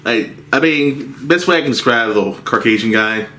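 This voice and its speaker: A man's voice: medium pitch, moderate pace, pushed and bright, a little hiss or hum. A man telling a rambling story from his movie theater job as a casual rant, with frequent restarts.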